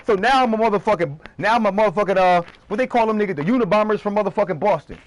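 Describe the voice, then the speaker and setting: A man streaming live, ranting heatedly and profanely in quick bursts. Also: high-pitched, no room sound.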